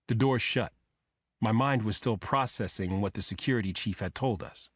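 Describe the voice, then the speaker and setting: Low-voiced man reading a thriller. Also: no room sound, studio quality. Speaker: audiobook narrator. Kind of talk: first-person thriller narration.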